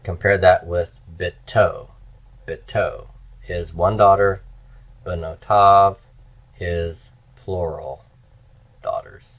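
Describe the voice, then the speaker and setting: A man teaching grammar in a slow, explanatory lecture, repeating key forms as he goes. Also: sits low, steady tone. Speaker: Hebrew teacher. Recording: dull lo-fi lecture recording.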